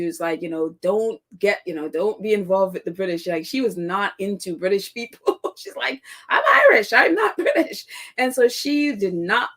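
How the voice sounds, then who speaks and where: A woman hosting a casual commentary podcast, chatty and sarcastic, laughing often and leaning on fillers as she reacts to the news. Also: mid-range voice. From United States. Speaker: podcast host.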